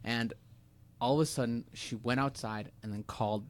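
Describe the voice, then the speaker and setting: A man's voice: medium pitch, fairly even intonation, normal speed. Profane rambling young man telling stories. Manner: profane, rambling storytelling with many fillers. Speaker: podcast co-host. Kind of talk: casual chat among friends.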